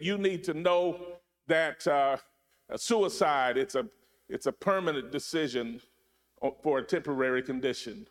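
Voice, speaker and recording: A man preaching a sermon, repeating his phrases and swinging between loud emphasis and hushed, low drops. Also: moderate pace. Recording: long hall reverb.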